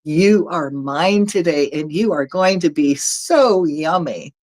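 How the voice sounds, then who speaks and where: Woman playing a hungry shark, sweet-talking and predatory, slow delivery. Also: low-pitched, a little mellow. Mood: gloating. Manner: sweetly menacing, calls listener honey. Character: grinning hungry male shark, gleeful predator.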